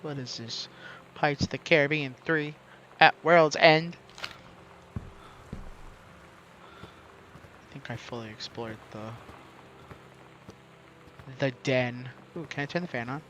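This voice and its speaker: A man streaming a game in casual commentary, chatting, reading game text aloud and breaking into bursts of excitement. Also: medium pitch, slow, pauses often. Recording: muffled recording with faint noise.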